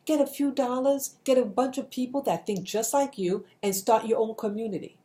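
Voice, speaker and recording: A middle-aged woman, a video blogger, delivers a motivational message to camera in a casual monologue. Her voice is fairly high and mellow, at a normal speed, and she sounds earnest and repetitive, often restarting her sentences.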